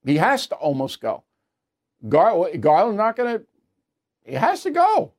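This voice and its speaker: A man's voice: high-pitched, huge pitch swings, unhurried, darkish tone. A man hosting an opinionated news commentary show, talking in an indignant, sarcastic way with scoffing asides, in a studio. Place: studio with earpiece to producers.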